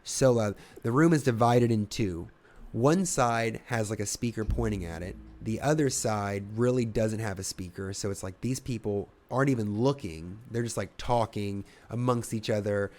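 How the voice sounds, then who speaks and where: A young man with a fairly low voice tells a comedy-club story in a loose podcast chat. He swears freely and slips into the voices of the people in his story. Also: normal speed. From Ohio, US. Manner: animated, swearing, acts out voices in his anecdotes. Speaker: stand-up comedian, guest.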